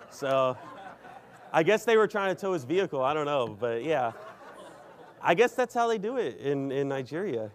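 Rambling male preacher, slightly high voice. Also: big pitch swings, moderate pace, long pauses. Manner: rambling, heavy use of "you know". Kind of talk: storytelling sermon.

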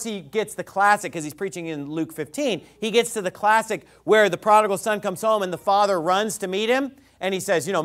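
A male pastor delivering a sermon in a sarcastic, mocking manner. His pitch leaps around with lively swings. He drops to quiet, careful explanation, then bursts into shouting.

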